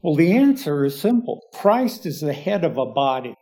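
A man's voice: on the high side, big pitch swings, normal speed, mellow. A man teaching a Bible passage verse by verse, explaining the Greek and stressing key words.

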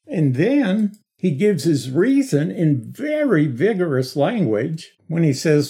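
A middle-aged man teaching a Bible study lecture, explaining slowly and stressing key words with emphatic repetition. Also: on the high side, big pitch swings, warm tone, slightly rough.

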